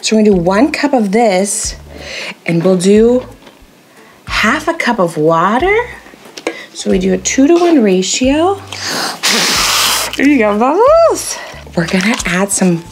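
A young woman leading a toddler learning video, talking slowly and cheerfully in exaggerated teacher tones. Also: medium pitch, expressive, soft background music. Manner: slow, exaggerated, cheerful teacher talk with animal noises. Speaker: children's educator.

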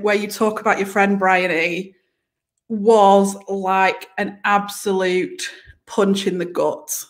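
A woman from northern England, a business coach guest in a casual chat, emotional and animated, laughing easily. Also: medium pitch.

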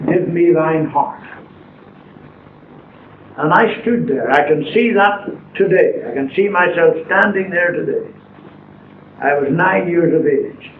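An older man preaching and telling his own story in an earnest, deliberate way, recorded in a church. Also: a little high, slight background noise. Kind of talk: sermon testimony. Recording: echoey lo-fi phone-band church recording from far off.

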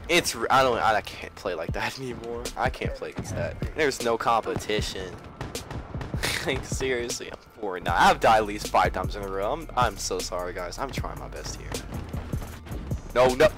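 A young man giving excitable gameplay commentary, swinging between mumbling and yelling. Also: on the low side, normal speed. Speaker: gaming video creator. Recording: trap beat playing underneath. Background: background hip-hop music.

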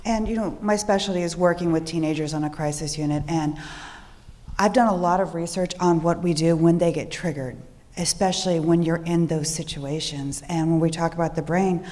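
A woman speaking as a social worker on a panel, in a calm, soft, steady voice. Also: lowish voice, brisk, big-room sound. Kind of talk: panel talk.

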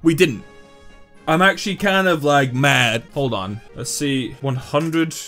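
A young man giving casual, excitable commentary over a mobile game, breaking into loud high-pitched outbursts. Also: measured pace, faint music behind. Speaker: gaming YouTuber.

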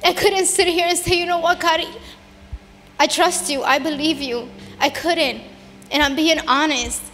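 A woman's voice: sits high, steady tone, a little slow. A woman giving an earnest, emotional personal testimony in a church sanctuary, building into fervent preaching. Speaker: testimony speaker at a church service. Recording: long hall reverb with soft music behind.

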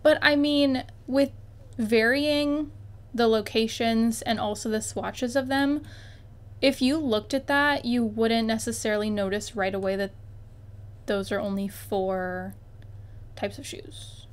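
A woman's voice: fairly high pitch, fairly even intonation, takes it slowly. A young woman chatting casually while playing a life-sim game, bubbly and exclaiming, often talking straight to the objects on screen. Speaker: gaming YouTuber. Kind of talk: casual gameplay commentary.

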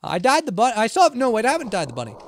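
Male streamer, high and very animated, playful and jokey, banters with the game's characters. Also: very fast, no room sound. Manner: playful, jokey, talking back to game characters; rambling self-talk with frequent restarts. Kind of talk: live gameplay commentary.

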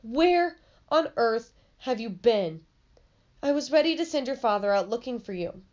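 A woman's voice: on the high side, animated, measured pace, a little mellow, dull audio. A woman reading as a firm, worried mother. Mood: stern. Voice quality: firm, questioning.

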